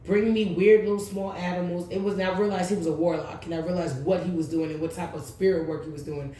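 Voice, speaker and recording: Blunt woman in an echoey room. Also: fairly low pitch. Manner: blunt, profane, rambling. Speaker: tarot reader, channel host. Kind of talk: casual storytelling vlog.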